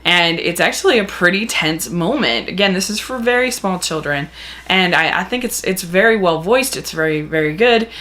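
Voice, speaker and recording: A woman's voice: fairly low pitch, lively intonation, moderate pace, a bit bright. A woman gushing enthusiastically as she reviews a film, retelling the story with plenty of repetition. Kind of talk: casual video review.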